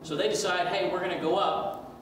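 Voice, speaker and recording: A man's voice: high-pitched, fairly even intonation, fairly quick. A man leading a church Bible class, emphatic and preacherly, asking the class questions. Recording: echoey room from far off, faint noise.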